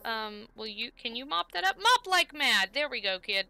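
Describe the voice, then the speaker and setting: A woman's voice: a little high, sing-song, normal speed, gravelly, bright, forceful tone, a little hiss or hum. A woman streaming a life-sim game, chatting casually and coaxing the characters on screen. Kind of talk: casual gameplay commentary.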